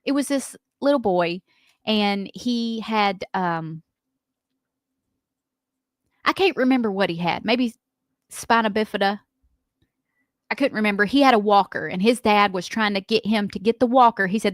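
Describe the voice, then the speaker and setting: A woman's voice: medium pitch, a little slow, pauses often, no echo, clean studio sound. Chatty Southern woman radio co-host. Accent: Southern American. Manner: chatty storyteller, laughs often. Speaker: radio morning show co-host. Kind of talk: casual radio banter.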